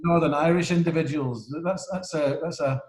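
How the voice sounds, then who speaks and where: A man's voice: a little high, fairly even intonation, a little fast, darkish tone, roomy sound, poor audio. A man hosting an interview over a video call, rambling, with many restarts and fillers. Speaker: interview host. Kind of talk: casual interview chat.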